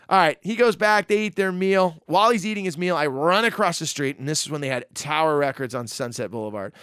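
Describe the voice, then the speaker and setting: A man spinning a personal anecdote in easy, casual talk, his voice sitting fairly high and bouncing between hushed asides and excited bursts as he acts out quoted lines. The sound is close and dry with no room around it. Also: fairly quick, few pauses, smooth, no room sound. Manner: animated, acts out quotes, frequent fillers. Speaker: storyteller. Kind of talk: casual spoken storytelling.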